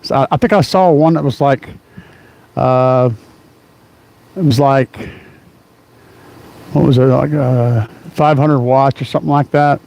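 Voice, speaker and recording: A man's voice: medium pitch, fairly even intonation, unhurried, long pauses, a little mellow. A middle-aged man hosting a casual car audio live stream, rambling with many fillers and easy laughs. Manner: rambling, rough-edged, laughs a lot, lots of fillers. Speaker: car audio livestream host.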